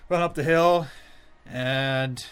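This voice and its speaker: A man's voice: medium pitch, steady tone, slow, clean tone. A man narrating a tabletop game as game master, often laughing.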